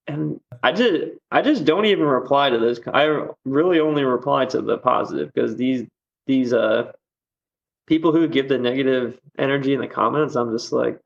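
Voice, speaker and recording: A man's voice: medium pitch, moderate pace, vocal fry, lo-fi sound. A man chatting as a podcast guest, rambling with lots of fillers and easy laughs. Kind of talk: casual podcast chat.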